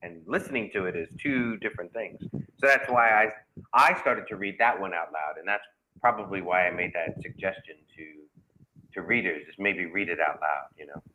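A man's voice: low-pitched, normal speed, bright, forceful tone, a little hiss or hum, poor audio. A man from New York, a guest author, chatting casually over a call with many restarts and easy laughter. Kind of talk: casual podcast chat. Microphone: video call.

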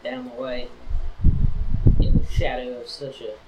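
A man's voice: medium pitch, level tone, measured pace. A man playing a tabletop game in character, rowdy and slurring, often breaking into laughter. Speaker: player. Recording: loud background noise.

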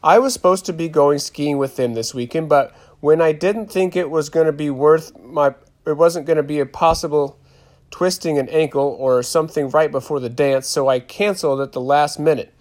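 A man voicing Zemena, a lively, giggly middle-school girl at a sleepover. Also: fairly high pitch, moderate pace, natural voice.

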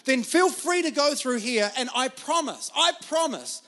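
A man's voice: extremely high pitch, expressive, unhurried, sharp tone, pitched above the performer's own voice, full character voice. A man voicing God as a patient, pleading father figure, speaking earnestly.

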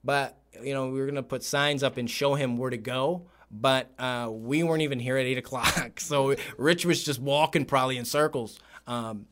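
A man hosting a podcast, telling a story in casual chat, animated and laughing often, acting out the voices of people he quotes. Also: medium pitch, moderate pace, few pauses. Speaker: podcast host. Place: podcast studio.

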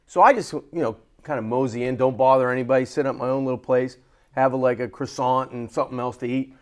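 A man co-hosting a sports talk show, telling a story in a lively way and acting out the voices of the people in it. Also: mid-range voice. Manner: animated, acts out quoted voices. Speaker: co-host. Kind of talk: casual storytelling.

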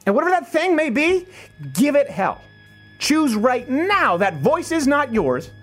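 A man's voice: very high-pitched, very animated, unhurried, fairly bright tone, soft background music. A man hosting a talk show, delivering an emphatic motivational monologue with repeated phrases and jokey asides. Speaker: host.

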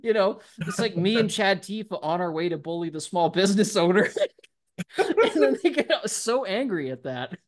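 A man with a fairly high voice rambles through a casual podcast discussion, laughing often and stringing thoughts together with "like." He sounds loose and conversational. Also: lively intonation, moderate pace.

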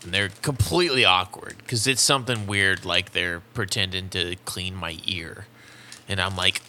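A man with a fairly low but bright-edged voice, bantering on a podcast mic. He laughs easily and acts out short bits of dialogue mid-story. There is a faint hiss behind him. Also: moderate pace. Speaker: podcast co-host. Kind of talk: casual chat.

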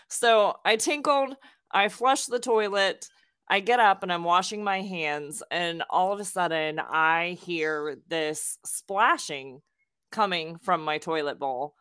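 A woman's voice: on the low side, slow, fairly bright tone, clean tone, dry recording, clean studio sound. A young woman from South Florida, co-hosting a podcast and telling a casual story with plenty of ums and laughs between sentences. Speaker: podcast co-host.

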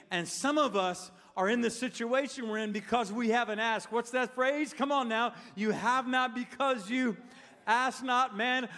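A man's voice: high voice, a bit bright. An older man preaching a sermon in a church, telling stories and asking the crowd questions. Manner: storytelling, asks the crowd questions. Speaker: pastor. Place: church sanctuary. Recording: long reverb of a big hall.

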